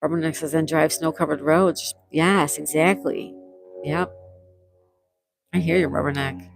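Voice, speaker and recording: A woman's voice: deep voice, fairly even intonation, unhurried, gravelly, music in the background, low-quality recording. A retired woman in her sixties hosting a casual livestream, reading viewers' comments aloud and chatting back. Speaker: livestream host.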